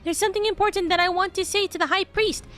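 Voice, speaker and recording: A woman voicing a small, eager male kobold child who speaks haltingly and pleads, her voice hoarse. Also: very high-pitched, steady tone, a bit bright, soft background music. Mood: pleading. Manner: pleading, halting word search.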